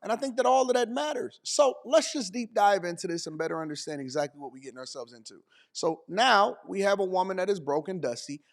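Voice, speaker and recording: A man's voice: high voice, expressive, fast, gravelly, hardly any pauses. A man giving emphatic, preachy reaction commentary, firing off rhetorical questions and repeating phrases for emphasis. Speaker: dating commentator.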